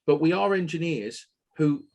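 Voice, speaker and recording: A man hosting a technical webinar, talking in an animated, opinionated way and sometimes swearing. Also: a little high, normal speed. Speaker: webinar host. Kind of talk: casual technical webinar talk.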